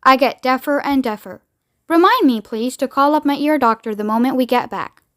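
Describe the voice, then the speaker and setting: A woman playing Mister Wonka, high and grandly theatrical. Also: lively intonation, normal speed, a bit bright. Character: eccentric excitable male candy maker, older man.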